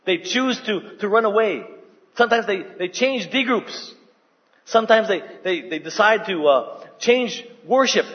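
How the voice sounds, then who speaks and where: A man with a notably high voice preaches a sermon in a church hall. He is emphatic and keeps turning to the congregation with questions. The recording is dull and lo-fi. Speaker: pastor.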